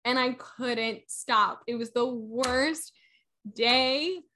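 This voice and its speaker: A woman's voice: a little high, very slow, bright, forceful tone. A young woman in casual chat, animatedly retelling a story and acting out the quotes.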